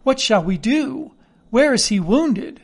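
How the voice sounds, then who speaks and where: A man gives voice to a nervous young boy at an old inn in a read-aloud tale. His voice rises high with urgent, eager questions. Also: takes it slowly, darkish tone. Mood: alarmed. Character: anxious young innkeeper's boy. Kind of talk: audiobook character voice.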